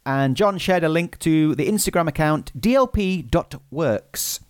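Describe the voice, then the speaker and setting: A man's voice: a little high, lively intonation, a little slow, smooth, no echo, studio quality. A man hosting a live podcast in casual chat, laughing often and restarting his sentences. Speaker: podcast host.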